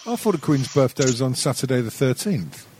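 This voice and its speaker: Husky, lively-voiced tipsy man. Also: mid-range voice, a little fast. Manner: sweary, rambling, hesitant with many ums. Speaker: podcast co-host. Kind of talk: casual chat.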